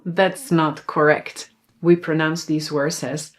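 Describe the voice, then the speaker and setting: A young Dutch woman with a Dutch accent teaching pronunciation, modeling sounds slowly and asking the viewer to repeat after her. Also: sits low. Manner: slow, clear pronunciation drills, asks viewer to repeat. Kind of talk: online language lesson.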